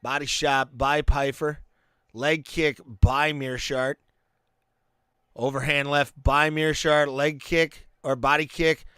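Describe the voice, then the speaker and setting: A man's voice: on the high side, little pitch movement, slow, fairly bright tone, clean tone, no echo, clean studio sound. A man hosting a live stream, giving laid-back play-by-play and reactions to fights, with fillers and restarts. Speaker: podcast host.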